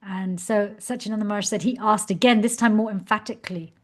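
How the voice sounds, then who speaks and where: A woman giving a devotional class over a video call, telling a story with animated, laughing delivery. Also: medium pitch, fast talker.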